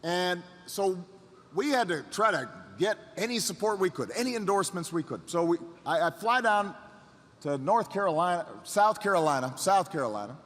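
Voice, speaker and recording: A man's voice: high-pitched, expressive, moderate pace, fairly bright tone. A man in his fifties giving a motivational speech as a story, building it with repetition and rising emphasis. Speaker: public speaker. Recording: long hall reverb.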